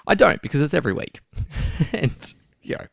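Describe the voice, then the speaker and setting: With a slightly high, fairly bright voice, a male co-host swings widely in pitch and shows some vocal fry while talking at a normal speed. He laughs a lot and restarts sentences in the casual podcast chat. The recording is dry and studio-clean.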